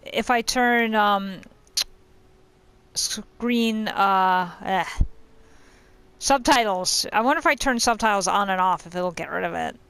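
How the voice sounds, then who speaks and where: A woman's voice: medium pitch, slow, long pauses, fairly bright tone, clean tone, no echo. Chatty woman thinking aloud while gaming. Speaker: gamer playing and commenting. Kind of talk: casual let's-play commentary.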